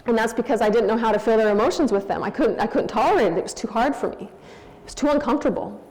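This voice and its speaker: A woman's voice: a little high, fast, darkish tone. A woman in her forties giving a candid, anecdotal talk on parenting as a church speaker, in a church hall. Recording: long hall reverb.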